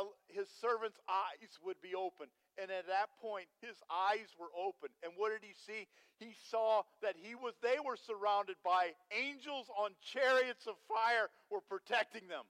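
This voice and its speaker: A man preaching a sermon as pastor, telling a story with animated energy and putting questions to the congregation. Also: sits high. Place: church sanctuary. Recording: long hall reverb.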